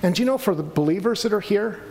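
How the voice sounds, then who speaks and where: A man's voice: high voice, lively intonation, fast, darkish tone, slight background noise. A man preaching a sermon to a congregation, earnest and pleading at times. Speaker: pastor.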